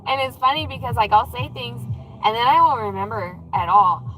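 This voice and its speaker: A woman's voice: on the high side, expressive, fairly quick, bright, forceful tone, faint music behind, rough recording. A woman livestreaming casually while driving, chatty, swearing freely and acting out what others said. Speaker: vlogger. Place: in a car in traffic. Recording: faint road noise and rattles.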